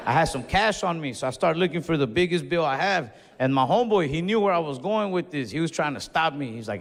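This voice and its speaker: Man doing stand-up, casual and cursing, slightly high voice, long club reverb, faint crowd. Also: lively intonation, fast talker, few pauses. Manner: casual, profane, exasperated. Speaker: stand-up comedian. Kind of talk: stand-up comedy storytelling. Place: comedy club stage. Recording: reverberant venue with faint audience noise.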